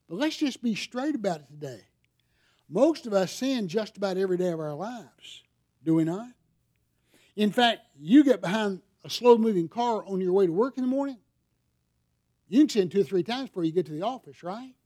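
High-voiced man preaching a sermon. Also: darkish tone. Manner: conversational preaching with rhetorical questions. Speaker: pastor.

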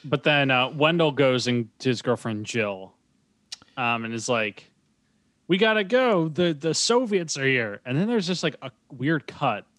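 A man's voice: medium pitch, sing-song, unhurried, a bit bright. A man co-hosting a casual movie recap, retelling scenes laid-back and quoting characters in put-on accents. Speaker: podcast co-host.

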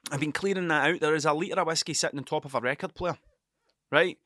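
Sweary hungover man, tense bright voice. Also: a little high, quick pace, no echo, clean studio sound. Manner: heavy swearing, restless, self-mocking. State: hungover and sleepless. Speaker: podcast host. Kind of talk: rambling casual monologue. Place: cluttered room at home.

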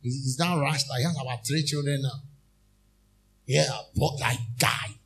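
A man's voice: medium pitch, moderate pace, creaky, fairly bright tone. A man preaching a sermon as a minister. He calls out questions to the congregation and draws out his key phrases with emphasis. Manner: call-and-response, repeating phrases to the congregation.

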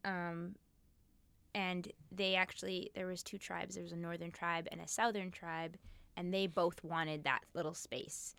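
A woman co-hosting a podcast, casually telling a dark history story, swearing and laughing along the way. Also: lowish voice, little pitch movement, a little slow, gravelly, smooth, dry recording.

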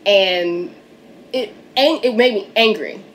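A woman's voice: mid-range voice, slow pace, crowd noise. A woman hosting a casual podcast chat, talking candidly, swearing and laughing often. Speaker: podcast host.

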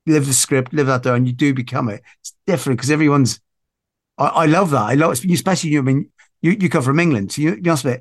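This fast-talking man from Northern Ireland has a medium-pitched voice, captured in studio quality without room sound. Chatting casually as a podcast guest, he rambles, restarts constantly, and turns animated whenever he finds something funny.

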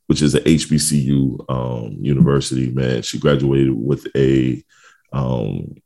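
A man's voice: very deep voice, steady tone, a little slow, creaky, mellow. A man in his forties co-hosting a podcast, chatting casually in a laid-back, rambling way with lots of fillers and easy laughter. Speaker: podcast co-host. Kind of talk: casual chat.

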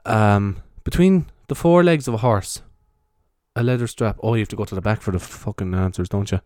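Speaking a little fast in a lowish voice, an Irish man records a podcast as a casual, half-whispered ASMR ramble. He moves around his bedroom with a handheld microphone, wandering conversationally and swearing freely in hushed tones. No echo; studio-quality audio.

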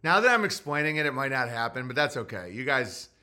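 A man's voice: mid-range voice, sing-song, fast talker, bright, forceful tone. A man hosting a podcast, ranting casually in a profane, provocative, rambling way. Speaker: podcast host. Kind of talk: casual comic rant.

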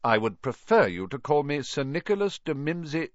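A man's voice: medium pitch, wildly swooping pitch, a little slow, no echo, highs cut off. A man doing a stiff, courtly old ghost. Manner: stiff, formal, pompous.

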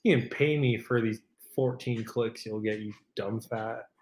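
A man's voice: on the low side, unhurried, roomy sound. A man co-hosting a podcast in casual chat, swearing freely and telling stories animatedly. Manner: profane, animated storytelling. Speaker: podcast co-host.

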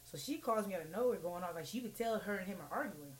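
A woman telling a story on a casual chat podcast, rattling along at a quick clip with plenty of swearing. She acts out the other people's lines as she goes. A faint hiss sits under her voice. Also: mid-range voice. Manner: animated, profane storytelling with acted-out quotes.

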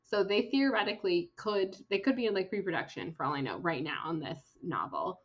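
Young woman, podcast co-host, lowish pitch, chatty storytelling, muffled lo-fi recording. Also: a little fast. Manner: chatty, animated storytelling with fillers. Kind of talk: casual book podcast chat.

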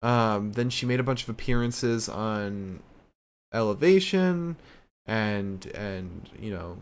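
A man's voice: on the low side, lively intonation, slow pace. A man giving a casual video recap of a wrestling show, loose and chatty, with plenty of fillers.

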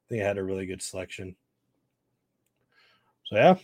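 A man's voice: low voice, moderate pace, darkish tone, no echo. A man co-hosting a casual podcast, eager and swearing casually. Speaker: podcast co-host.

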